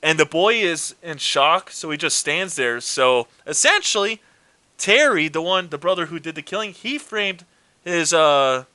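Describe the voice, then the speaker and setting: A man with a fairly high, bright voice retells horror movie plots in a casual chat. He acts out the characters' lines and swears freely. The sound is dry and close. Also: unhurried, no room sound. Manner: animated storytelling with swearing and acted quotes. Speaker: co-host.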